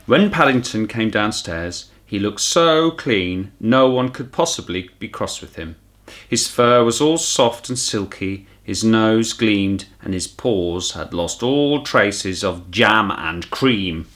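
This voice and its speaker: A man reading a children's storybook aloud as a teacher, his pitch moving freely. He narrates with lively, expressive storytelling. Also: slow. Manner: warm and animated storytelling. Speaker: primary school teacher.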